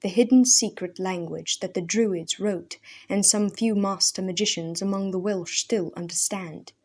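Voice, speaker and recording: A woman's voice: mid-range voice, steady tone, unhurried, husky. A woman doing a wild mad old hermit. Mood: fervent. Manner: intense, archaic speech, shouting then hushed.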